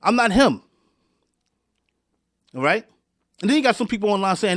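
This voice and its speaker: A man's voice: high-pitched, animated, normal speed, pauses often, a bit bright, no echo, clean studio sound. A man hosting a show, ranting angrily at his listeners with many stumbling restarts and repeated words. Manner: angry, repetitive, stumbling restarts, addresses listeners directly. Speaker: show host. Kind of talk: heated commentary rant.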